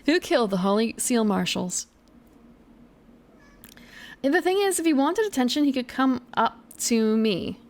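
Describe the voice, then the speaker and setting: A woman's voice: on the high side, expressive, unhurried, pauses often. A woman streaming a video game and chatting casually, trailing off and adding small laughs, with faint game music behind. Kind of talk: casual live game commentary.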